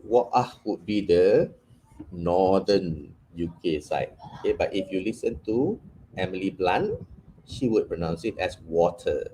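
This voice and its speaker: Malaysian guy teaching english, deep voice but super animated, says okay a lot, bit of room noise. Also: measured pace. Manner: mixes Malay into English, keeps checking with "okay?". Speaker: English communication trainer. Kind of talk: workshop lecture.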